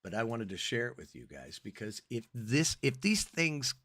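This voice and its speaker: A man co-hosting a podcast, rambling and animated as he chats casually. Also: mid-range voice, normal speed, no echo. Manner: rambling, animated, self-interrupting. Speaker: podcast co-host.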